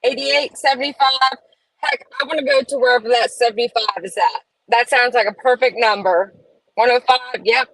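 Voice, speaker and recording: A woman's voice: on the high side, steady tone, normal speed, fairly bright tone, poor audio. A woman, hosting a casual live stream from her home and chatting opinionatedly while reading comments aloud. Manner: chatty, reads chat aloud, opinionated asides. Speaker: livestream host. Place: home room.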